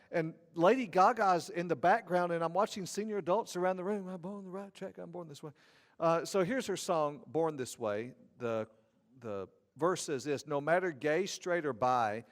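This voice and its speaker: A man with a Southern Georgia accent giving a conference lecture as an ethics teacher, folksy and given to joking asides. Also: on the high side. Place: large church auditorium. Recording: reverberant hall.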